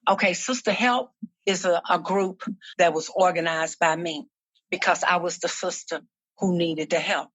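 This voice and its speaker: Earnest low-voiced woman giving testimony. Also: steady tone, a bit bright, husky, no echo. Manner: earnest, slow and reflective, repeats words as she speaks. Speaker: guest, minister and activist. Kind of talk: personal testimony in a podcast interview.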